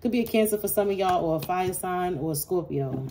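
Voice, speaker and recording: Brief: woman tarot reader, low mellow voice, blunt and salty, faint hiss behind. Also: lively intonation, fairly quick. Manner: blunt, swearing, talks straight to viewers. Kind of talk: casual intuitive tarot reading.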